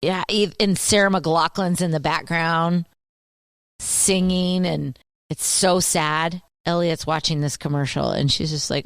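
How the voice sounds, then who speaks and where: A woman radio co-host in her thirties tells animated stories with a low voice. She acts out the people she quotes. The studio sound is dry and close. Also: measured pace, no echo. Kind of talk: casual radio banter.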